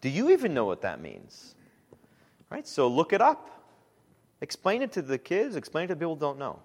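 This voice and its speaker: A man speaking as a pastor, giving a relaxed, conversational church teaching talk with frequent "um"s. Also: on the high side, normal speed, long reverb tail. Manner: relaxed and conversational, with frequent "um"s and animated quoted asides.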